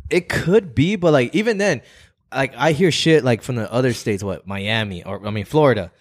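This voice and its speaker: A man's voice: mid-range voice, normal speed. A man co-hosting a podcast in loose, profane casual chat, laughing between lines. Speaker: podcast co-host.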